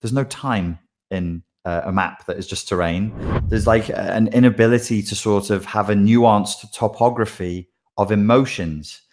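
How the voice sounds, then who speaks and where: A man, a life coach, explaining his ideas in a loose, animated livestream monologue full of asides. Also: on the low side, a little hiss or hum.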